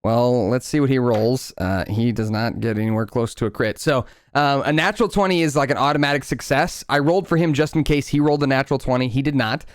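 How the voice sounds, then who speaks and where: A man narrating a tabletop game as game master, patiently explaining rolls. His voice is smooth and clear at a medium pitch. The recording is close and dry. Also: quick pace, hardly any pauses, no echo. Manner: explaining rules patiently, with filler words.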